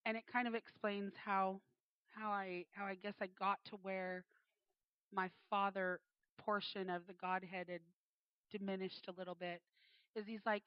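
A woman in her forties gives an earnest personal faith testimony, acting out the voices of the people she quotes. Her medium-pitched voice is flat and measured with a clean tone and no echo, though the recording sounds dull, dry, and slightly muffled.

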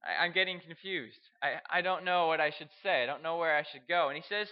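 A young man from Canada, telling a personal story in a halting way, repeating words and chuckling. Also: a little high, highs cut off. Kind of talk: storytelling speech.

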